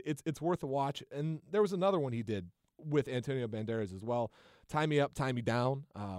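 Male podcast co-host, average pitch, dead dry sound, eager casual film chatter. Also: darkish tone, dry recording. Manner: enthusiastic, rambling with restarts. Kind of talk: casual movie chat.

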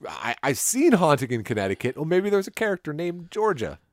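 A man's voice: a little high, sing-song, fairly quick, no echo, clean studio sound. A man hosting a casual movie trailer podcast, easygoing and leading each segment. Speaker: podcast host.

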